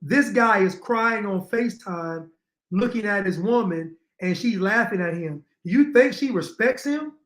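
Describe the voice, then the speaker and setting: A man's voice: sits high, expressive, unhurried, fairly bright tone. A man giving opinionated reaction commentary to viewers, repeating his points and addressing them directly. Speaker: commentary streamer.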